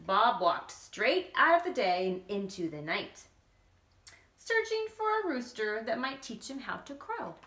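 Brief: woman reading a children's storybook, lively pitch, bright tone, roomy sound. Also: measured pace, a little hiss or hum. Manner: animated, with playful asides to listeners. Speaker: children's book reader. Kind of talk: reading a picture book aloud to children.

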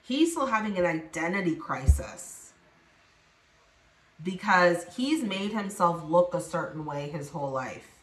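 A tarot reader with a fairly low, animated voice speaks a little slowly, addressing viewers directly and dramatizing the voices she quotes. The recording is echoey, with a little hiss or hum.

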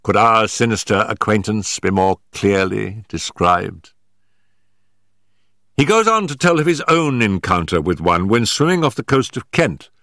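A man narrating an audiobook in a deliberate, dramatic manner. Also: medium pitch, a bit bright, dry recording, clean studio sound. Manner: deliberate and dramatic, in period prose. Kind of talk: scripted narration.

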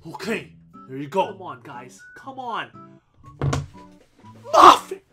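A man giving casual commentary over his football video game, excitable, swinging from low muttering to yelling at the game. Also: unhurried, over music. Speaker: gameplay commentator.

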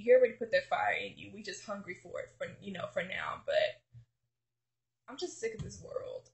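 A woman's voice: fairly high pitch, gravelly. A woman giving a fervent, gushing faith testimony to viewers, restarting her sentences and calling them honey. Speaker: faith vlogger. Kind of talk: emotional personal faith testimony.

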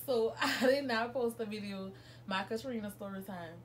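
With a voice on the high side and a moderate pace, a young New Orleans vlogger rambles through a storytime monologue for her viewers from home, correcting herself as she goes. A little hiss or hum is present.

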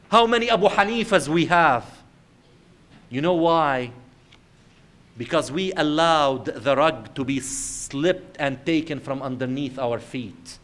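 A man giving an Islamic lecture to his audience. He tells everyday stories and asks rhetorical questions, swinging from loud emphasis to quiet earnestness. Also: a little high.

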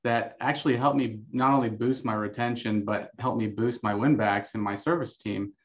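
A man who owns an insurance agency, chiming in with relaxed, conversational remarks and plenty of "like" during a live training. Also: mid-range voice, muffled recording. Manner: relaxed, conversational, uses filler "like". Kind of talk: casual talk in a live training.

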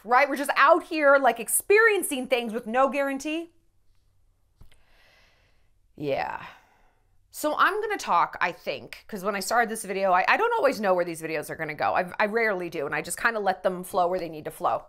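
Woman vlogger, lively pitch, raw and unfiltered, swears freely. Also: normal speed. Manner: candid, profane, rambling; emotional, tearful at times. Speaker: celebrity gossip vlogger. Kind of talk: casual vlog monologue.

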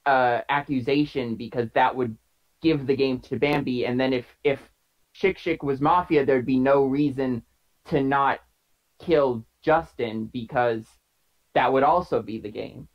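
A man's voice: mid-range voice, a little slow. A man on a video call arguing his case in a party game, stringing his logic together in long, earnest run-ons. The call audio sounds dull and lo-fi. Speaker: player.

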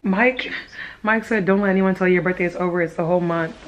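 A woman's voice: lowish voice, steady tone, quick pace, noisy background. A young woman chatting casually to camera in a vlog, gushing and laughing often. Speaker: vlogger.

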